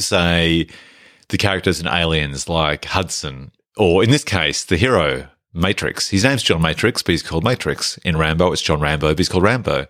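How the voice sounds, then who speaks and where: A man co-hosts a relaxed film podcast, talking with easy enthusiasm and a steady stream of "like". His voice sits very low in pitch. The recording is close and dry, with no room sound. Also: no echo. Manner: chatty, enthusiastic, peppered with "like". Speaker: podcast co-host. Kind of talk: casual film discussion.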